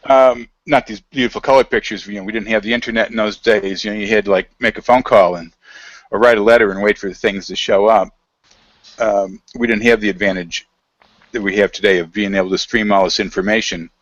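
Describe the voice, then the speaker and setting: A man's voice: fairly low pitch, steady tone, fairly quick, dry recording, muffled recording. A middle-aged man as an interview guest, telling a long anecdote over a video call in a casual, rambling way, with many fillers and quoted dialogue.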